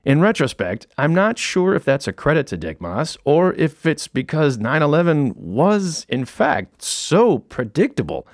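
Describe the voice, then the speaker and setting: A man's voice: on the high side, very animated, measured pace, hardly any pauses, no room sound. Wry man narrating comedic audiobook. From United States. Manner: wry, dry storytelling with punchline timing. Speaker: author and comedian narrating his book. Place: recording studio.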